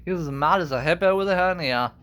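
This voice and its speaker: A man's voice: fairly high pitch, fast talker, fairly bright tone, pitched above the performer's own voice, natural voice. A man voicing a fussy, proper male bird advisor who talks in a prim way.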